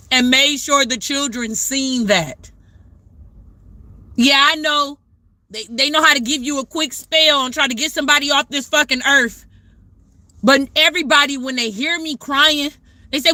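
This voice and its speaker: A woman's voice: sits high, unhurried, pushed and bright, no room sound, rough recording. A woman hosting a livestream, talking in a fervent, preachy way with lots of repetition and occasional swearing. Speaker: livestream host. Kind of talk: impassioned spiritual livestream talk.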